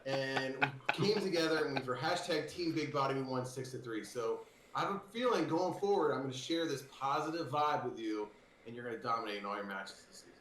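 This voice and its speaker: A man's voice: mid-range voice, brisk. Cocky male darts player, roomy call audio. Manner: cocky, joking, talkative. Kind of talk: post-match interview. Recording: roomy sound with faint noise.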